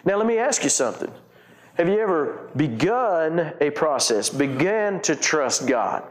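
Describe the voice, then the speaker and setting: A man's voice: a little high, big pitch swings, a little slow, roomy sound. A pastor preaching a conversational sermon, retelling scripture in his own words with frequent restarts.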